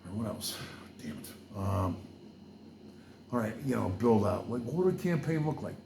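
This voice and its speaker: A low, gravelly man from Wales holds forth at a slow, unhurried pace. He wanders from point to point with fillers and side remarks, drifting into preaching as he goes. The room around him is echoey. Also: sing-song, darkish tone, slight background noise. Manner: loose and digressive, with many fillers and asides. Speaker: podcast host. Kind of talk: rambling casual monologue with preaching.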